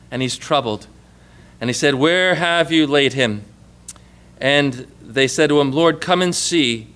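Bright-voiced man preaching a sermon. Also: high-pitched. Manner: conversational preaching with rhetorical questions. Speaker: pastor.

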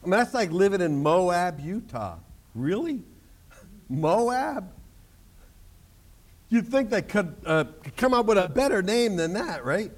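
A man preaching a sermon to his congregation, animated, joking and acting out the people in the story. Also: sits high, slow, long pauses. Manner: animated preaching with jokes and acted-out quotes. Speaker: pastor.

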